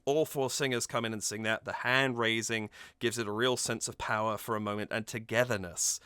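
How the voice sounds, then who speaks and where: A man's voice: mid-range voice, pushed and bright, dry recording, studio quality. A man reacting to and analysing a song cover, gushing with delight and humming bits of melody to explain it. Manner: gushing, hums and sings snippets to explain. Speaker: music reaction YouTuber. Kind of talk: enthusiastic musical analysis.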